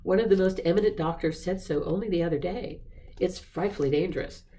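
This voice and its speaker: Woman reading a wry young gentleman. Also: on the low side, a little fast, slight background noise, close to an everyday voice. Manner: dry, teasing.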